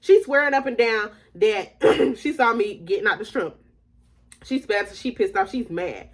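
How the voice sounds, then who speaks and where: A woman's voice: medium pitch, measured pace. A young adult woman telling her viewers a story in a slangy, casual storytime, often laughing as she talks. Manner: chatty and slangy, addressing viewers as y'all.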